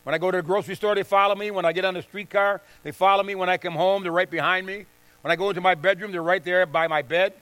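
A nervous, lonely little old woman with a high, bright voice and a pleading tone, put on by a preacher telling a story. She sounds frightened and speaks in short, urgent bursts. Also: fairly even intonation, fast talker, no echo. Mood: worried.

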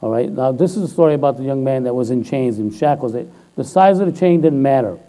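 A man preaches a casual, conversational sermon to a congregation in a very dark, mellow voice with lively intonation, speaking fast over poor audio. He often checks in with "all right?" and swells louder and higher when urging listeners on or voicing quotes.

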